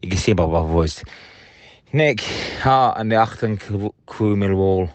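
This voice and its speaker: A man's voice: on the low side, lively intonation, measured pace, dry recording. A man leaving angry, sweary voicemails about a football match, recorded on a phone from a stadium seat and from his car. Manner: angry, sweary, blunt rant.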